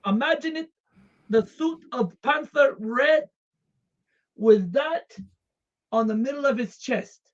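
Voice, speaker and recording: On a comedic live stream, a streamer plays a devoted Russian communist comrade in a fake Russian accent, speaking deadpan, formal broken English. The heavily acted voice is high-pitched and slow with frequent pauses, and the sound is lo-fi.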